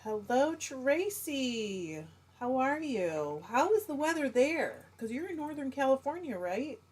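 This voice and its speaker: Middle-aged female live-stream host, a touch high, breathy, friendly and chatty. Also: sing-song, measured pace, darkish tone. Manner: chatty, greets viewers by name. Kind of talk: casual live chat reading viewer comments.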